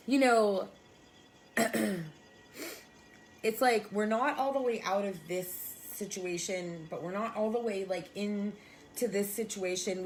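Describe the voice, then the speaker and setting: A woman's voice: on the high side, a little hiss or hum. A woman who works as a spiritual coach and sound healer, chatting casually on a live stream and answering viewers by name. She is emphatic, swears freely and keeps telling them she loves them. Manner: emphatic, profane, affectionate. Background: soft background music.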